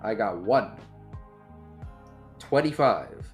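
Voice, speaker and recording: A man's voice: lowish voice, expressive, very slow, soft background music. A man chatting casually as a player in a tabletop game, talking in loose run-on phrases full of filler words. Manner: chatty, full of "like, you know".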